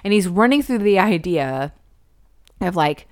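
Woman, casual film recap, chatty, smooth voice, dry recording. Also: fairly low pitch, unhurried, dry recording. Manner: chatty, animated retelling with acted quotes and laughs. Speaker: podcast co-host discussing a film. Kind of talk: casual chat.

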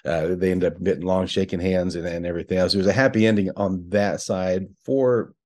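A man's voice: low-pitched, fairly even intonation, brisk, darkish tone. A middle-aged man co-hosting a podcast, telling a story in casual chat and laughing often. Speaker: podcast co-host.

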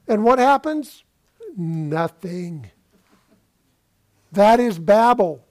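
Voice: mid-range voice, lively intonation, extremely slow, a little mellow. A pastor preaching a sermon, retelling a scripture story and asking the listeners rhetorical questions.

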